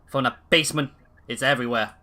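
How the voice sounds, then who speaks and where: Guy playing a jumpy paranoid inmate, loud and cryptic, tabletop game. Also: mid-range voice, fast, lightly acted. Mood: agitated. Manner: agitated, insistent, cryptic. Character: paranoid raving male asylum inmate.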